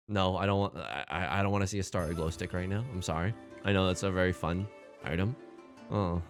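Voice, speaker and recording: A young man giving casual gameplay commentary as a let's play host, swinging between fretting mutters and excited outbursts. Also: deep voice, fairly quick, faint music behind.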